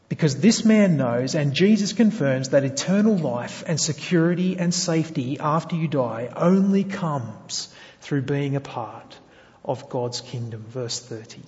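A man delivers a sermon in a slightly high voice, earnest and fond of rhetorical questions. His words ring out with a long reverb, as if in a large church hall. The recording is dull and lo-fi. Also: darkish tone. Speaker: preacher.

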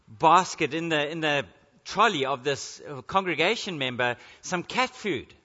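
A man's voice: fairly high pitch, bright, forceful tone, in a large hall, muffled recording. A man preaching a sermon, telling a story and then building to earnest emphasis.

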